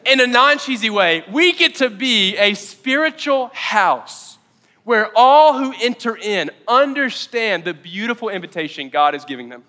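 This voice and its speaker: A man preaching a sermon as pastor, energetic and quick to joke in asides. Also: high-pitched, long reverb tail. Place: church auditorium.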